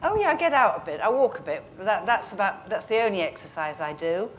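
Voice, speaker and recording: A woman's voice: medium pitch, a little hiss or hum. A woman in her sixties, a guest author, chatting wittily and with plenty of animation. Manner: witty, animated, quick to laugh. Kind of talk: casual chat.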